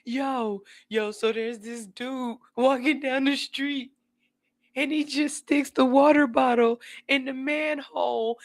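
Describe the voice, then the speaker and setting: A woman's voice: sits high, fairly even intonation, takes it slowly. A woman hosting a podcast, reacting to clips in casual, profane commentary and laughing often. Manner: loud, laughs often, swears freely. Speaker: podcast host.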